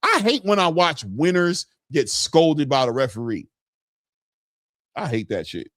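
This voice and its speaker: A man hosting a casual boxing livestream, talking in an excitable, slangy way and hollering often. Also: a little high, measured pace, no room sound, studio quality. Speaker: boxing commentary host. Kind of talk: casual livestream fight commentary.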